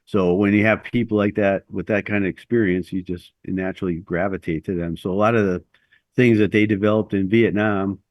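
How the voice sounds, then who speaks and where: A man's voice: fairly low pitch, steady tone, a little fast, no echo, highs cut off. A middle-aged man, a former Navy SEAL, telling stories in a casual interview, with rambling speech full of fillers and restarts.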